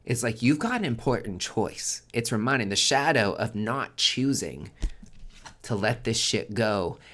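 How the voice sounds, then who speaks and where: Chatty, expressive male tarot reader. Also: mid-range voice, unhurried. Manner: chatty and expressive, swearing freely, swinging between loud emphasis and near-whispers. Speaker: tarot reader and podcast host. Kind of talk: casual tarot forecast monologue.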